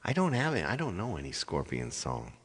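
A man's voice: sits low, wildly swooping pitch, fairly quick, fairly bright tone, husky, big-room sound. A man chatting casually with viewers between songs on his livestream, rambling and apologetic as he talks. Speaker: live-stream singer.

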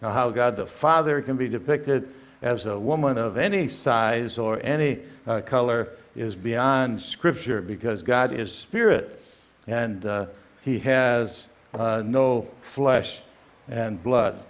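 An older man giving a firm, emphatic lecture as a guest speaker, often pausing with "uh" between phrases. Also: medium pitch. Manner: emphatic, many "uh" fillers, reads quotations aloud. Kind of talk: apologetics lecture.

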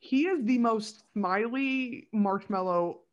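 A woman's voice: fairly high pitch, slow, dull audio. A woman co-hosting a podcast, chatting casually and enthusiastically about a TV episode, with lots of "like" fillers. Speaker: podcast co-host. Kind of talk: casual fan chat reviewing a TV episode.

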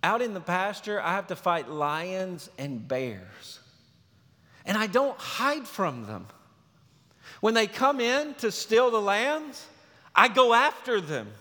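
A preacher puts on a bold young shepherd who boasts with emphasis in a high, bright voice. The sound rings in a reverberant hall. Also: male voice, expressive, slow, hardly any pauses, full character voice. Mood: boastful.

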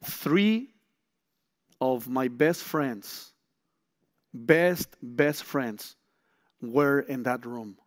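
A man's voice: mid-range voice, extremely slow, pauses often. A middle-aged man, a guest speaker telling a story in a sermon, acting out quotes and restarting phrases. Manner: animated storytelling, frequent restarts and acted-out quotes.

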